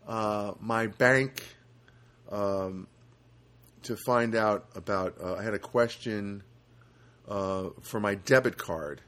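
A man's voice: lowish voice, fairly bright tone. A man hosting a solo podcast, talking casually and rambling, with lots of fillers and restarts. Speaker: podcast host.

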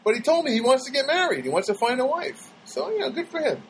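Middle-aged New York comic, high voice, lively swooping pitch, rambling monologue. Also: male voice, fast, a little hiss or hum, poor audio. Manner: rambling, animated storytelling. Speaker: comedian. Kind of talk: casual monologue.

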